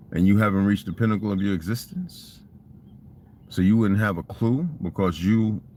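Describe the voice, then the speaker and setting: A man's voice: lowish voice, a little mellow, a little hiss or hum. An older man telling rambling, profane stories in a casual monologue and asking rhetorical questions. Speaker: vlogger.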